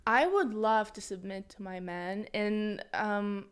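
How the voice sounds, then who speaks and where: A woman's voice: medium pitch, slow pace, smooth. A young woman guest on a podcast, talking candidly and bluntly in casual chat, with lots of fillers.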